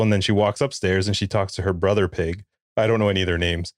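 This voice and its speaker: A man's voice: deep voice, normal speed, no echo, studio quality. A man in his forties, a podcast co-host, telling a funny family story in casual chat and acting out the quotes. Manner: animated storyteller, acts out quotes.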